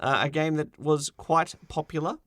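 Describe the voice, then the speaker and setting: A man's voice: a little high, steady tone, a bit bright, no room sound. A man co-hosting a gaming podcast, chatting casually and playfully as he runs through award winners. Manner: playful, jokey, runs through lists quickly. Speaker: podcast co-host.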